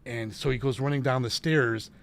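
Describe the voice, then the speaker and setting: A middle-aged man with a gravelly voice tells a case story in an earnest, casual way. He restarts often as he goes. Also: medium pitch, fairly even intonation, normal speed, a bit bright. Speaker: paranormal investigator.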